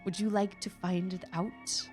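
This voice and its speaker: A woman's voice: lowish voice, level tone, unhurried, darkish tone, soft background music, lightly acted. A woman reading a solemn, grieving game character.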